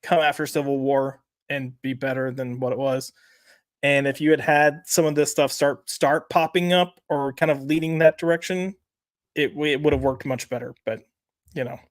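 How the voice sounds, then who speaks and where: A man's voice: mid-range voice, fairly even intonation, normal speed, no room sound. A man co-hosting a casual podcast, chatting in a rambling way with lots of fillers and reading out live chat comments. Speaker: podcast co-host.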